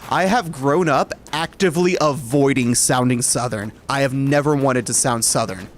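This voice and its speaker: A man's voice: mid-range voice, normal speed. A man from Alabama chatting casually with his stream viewers, rambling and correcting himself as he goes. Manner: rambling and self-correcting, light chuckles.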